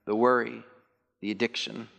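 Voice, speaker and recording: A man's voice: moderate pace, vocal fry. Man preaching in a big echoing hall. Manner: animated, mimics congregants in high put-on voices. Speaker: pastor. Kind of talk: sermon. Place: church sanctuary. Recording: long reverb of a large hall.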